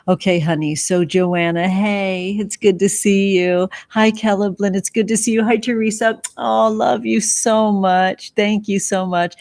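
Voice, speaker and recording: A woman hosting a casual tarot livestream, greeting viewers one by one with effusive, affectionate warmth and calling them sweetheart. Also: mid-range voice. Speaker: livestream host, tarot reader.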